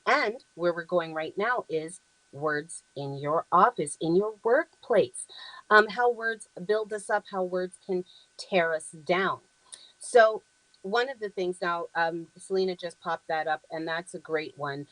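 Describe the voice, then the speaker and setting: A woman's voice: fairly low pitch, a little slow, fairly bright tone, dry recording, rough recording. Earnest woman talk show host. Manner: earnest, affirming, frequent ums, reads quoted phrases aloud. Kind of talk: conversational talk show presentation.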